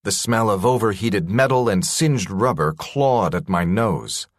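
A man's voice: fairly low pitch, lively intonation, unhurried, no room sound, studio quality. A man narrating a science-fiction story in a dramatic, tense first-person reading.

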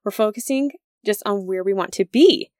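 A woman's voice: medium pitch, moderate pace, darkish tone, dry recording, clean studio sound. A woman in her thirties hosting a parenting podcast in a casual, conversational way. She laughs often and acts out the lines she quotes.

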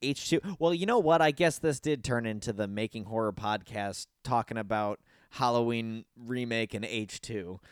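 A man hosts a casual podcast, talking in a dry, close-miked sound with no room around him. He rants animatedly, swears freely and jumps into high squeaky voices when he mimics people. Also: moderate pace, few pauses, smooth, no room sound. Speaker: podcast host.

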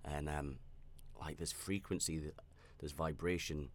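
A man's voice: very deep voice, fairly even intonation, a little slow. A man hosting a podcast, telling a personal story in a rambling, candid and reflective way, with frequent restarts and fillers. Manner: reflective and self-aware. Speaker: podcast host.

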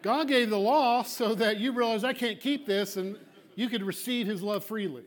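Emphatic high-voiced male pastor preaching. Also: moderate pace. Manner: emphatic, swings from loud declarations to hushed asides; acts out congregants' objections in a small voice. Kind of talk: sermon.

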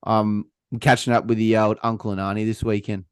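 A young Australian man hosting a casual podcast chat, laughing often and swearing freely in relaxed banter. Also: on the low side, brisk, smooth, no echo, studio quality. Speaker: podcast host.

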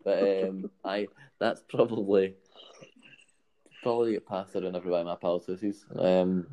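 A Scottish man tells a story in a loose, rambling way, checking in with his listener as he goes. His voice is very low and mellow, with a soft, dark tone. It sounds like an easygoing podcast chat. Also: little pitch movement, unhurried. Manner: rambling anecdotal delivery with frequent "right?" and laughs.

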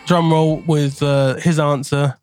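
A man in his thirties co-hosting a casual podcast, joking and reading out a friend's picks with quick asides. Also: fairly high pitch, flat delivery, a little mellow, faint music behind. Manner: jokey, quick asides, laughs mid-sentence. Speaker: podcast co-host.

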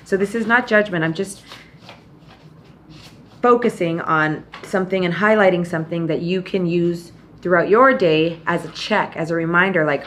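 A woman hosting a podcast, delivering a direct, tough-love motivational monologue and often quoting people in lively put-on voices. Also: fairly low pitch, normal speed, a little hiss or hum. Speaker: podcast host.

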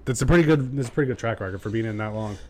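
A man's voice: on the low side, very fast. A man who works as an EMT, hosting a casual interview podcast and chiming in with short, agreeable replies.

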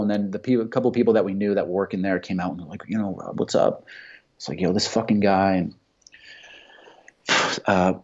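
A man's voice: low voice, moderate pace, a little mellow, breathy edge. A man telling profane, heated stories in casual chat. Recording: dull lo-fi sound.

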